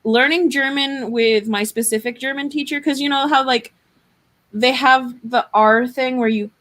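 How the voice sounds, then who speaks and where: A woman's voice: fairly high pitch, fairly bright tone. A woman from Arizona, chatting casually, rambling and self-deprecating. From Arizona, USA. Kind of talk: casual chat.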